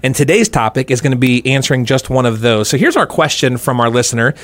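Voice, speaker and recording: An upbeat man hosts a casual faith podcast, joking easily with his co-host. His voice sits at a middle pitch and is recorded dry and close. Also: lively intonation, fast, dry recording.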